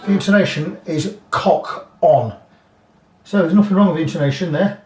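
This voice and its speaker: A man explains a guitar setup in a relaxed, chatty way, dropping blunt asides as he works. His voice sits a little high. He is heard from a distance in a roomy workshop, with faint music behind. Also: normal speed. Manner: chatty, thinking aloud with frank asides. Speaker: guitar repair technician. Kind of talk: casual workshop demonstration.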